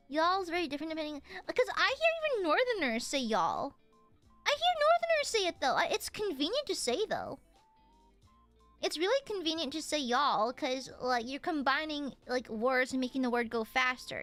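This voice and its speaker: Her high-pitched, slightly bright voice comes through a dry recording as this young woman with a Southern US accent streams a game. She chats playfully, laughing and teasing.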